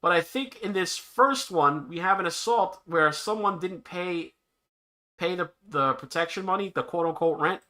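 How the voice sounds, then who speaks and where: A man's voice: high-pitched, moderate pace, bright, forceful tone. A man hosting a livestream, reacting to news clips with sarcastic commentary and frequent laughter. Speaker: livestream host.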